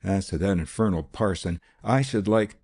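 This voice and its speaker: A man's voice: low-pitched, moderate pace, a little mellow. A man reading an audiobook, voicing a hot-tempered, hysterical man who rants. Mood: furious. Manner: ranting, overwrought.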